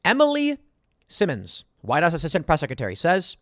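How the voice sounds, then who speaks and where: A man's voice: on the high side, wildly swooping pitch, a little fast, dry recording, clean studio sound. A man hosting a political commentary show, reading headlines aloud and mocking them with sarcastic emphasis.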